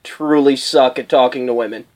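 A man's voice: mid-range voice, steady tone, moderate pace, a little mellow, low-quality recording. A man co-hosting a podcast in casual chat, profane and joking at his own expense. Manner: profane, joking, self-mocking. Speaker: podcast co-host.

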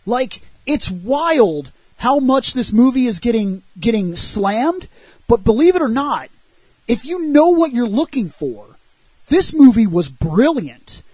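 A man on a podcast, casually and animatedly recounting a movie's plot and arguing for it, with a husky voice and loose swearing. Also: very high-pitched, takes it slowly, no echo, rough recording. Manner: animated retelling with frequent swearing. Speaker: podcast co-host reviewing a film. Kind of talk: casual film discussion.

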